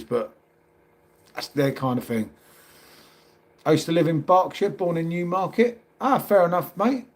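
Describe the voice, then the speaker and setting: Matey London man chatting on a livestream. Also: a little high. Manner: chatty, matey, calls everyone mate. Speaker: livestream host. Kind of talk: casual live chat reading comments.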